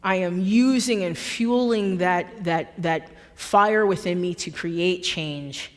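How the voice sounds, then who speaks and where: A woman's voice: on the low side, slow pace. Impassioned woman speaking in an echoey hall. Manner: forceful, emphatic, repeats words for effect. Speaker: guest speaker. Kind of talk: impassioned public talk. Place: church hall.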